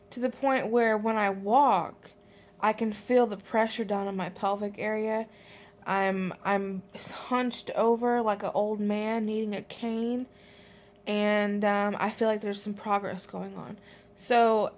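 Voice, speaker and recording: A woman's voice: mid-range voice, a little mellow. Chatty breathless pregnant woman vlogging. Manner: chatty, rambling, many ums and likes. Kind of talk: casual vlog update.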